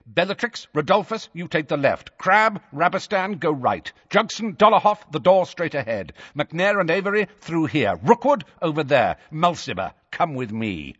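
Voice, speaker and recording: A man's voice: a little high, very animated, moderate pace, few pauses, fairly bright tone, husky, big-room sound, voice pushed up, full character voice. A man doing Lucius Malfoy, a cold, imperious villain. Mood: commanding. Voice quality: imperious, barking orders. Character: cold commanding aristocratic male villain. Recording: dry, slightly muffled audio.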